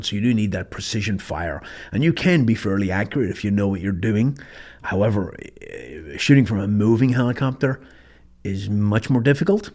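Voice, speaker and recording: A middle-aged man from Ireland telling stories in a blunt, matter-of-fact way, with casual swearing. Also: lowish voice. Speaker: podcast host, former sniper instructor. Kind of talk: casual storytelling monologue.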